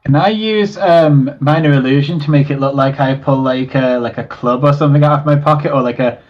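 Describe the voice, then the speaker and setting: A man's voice: medium pitch, a little fast. Male tabletop player, rambling casual chat, dull lo-fi recording. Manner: rambling, uses like a lot. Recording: dull lo-fi sound.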